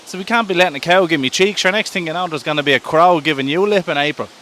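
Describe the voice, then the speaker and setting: A man's voice: mid-range voice, a little fast, bright, forceful tone, a little hiss or hum, close to an everyday voice. A man with an Irish accent voicing the month of March as a hot-tempered, vengeful male figure. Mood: pleading. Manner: pleading yet hot-tempered.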